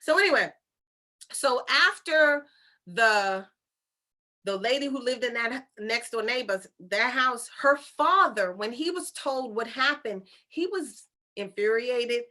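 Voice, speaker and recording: A woman's voice: on the high side, expressive, a little slow, pushed and bright. A woman retelling a story in a casual monologue, chatty and incredulous, with rhetorical questions and informal speech. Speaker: channeler and storyteller.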